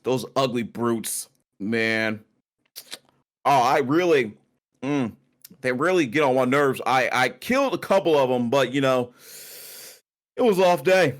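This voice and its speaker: A man's voice: mid-range voice, lively intonation, unhurried, pauses often, close to an everyday voice. A man voicing a boastful, seasoned male innkeeper who talks in a drawling way and calls everyone y'all.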